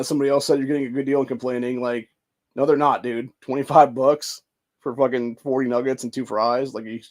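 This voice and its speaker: A man's voice: mid-range voice, a little mellow. A man from Ohio hosting a podcast, ranting heatedly and swearing constantly while reading news and comments aloud. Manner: profane, heated, swears constantly and says dude. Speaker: podcast host.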